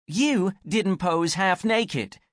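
A man reading an audiobook and voicing an exasperated young woman who snaps indignantly, her voice rising high. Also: very animated, moderate pace, a bit bright, no echo, studio quality. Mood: angry. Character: exasperated young woman, sharp-tongued and desperate. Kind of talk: audiobook character voice.

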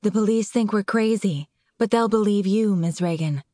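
A woman's voice: mid-range voice, moderate pace, mellow, no echo, studio quality, close to an everyday voice. A woman narrator voicing an anxious young woman client who wails and speaks breathily through tears. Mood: pleading. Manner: wailing, breathy.

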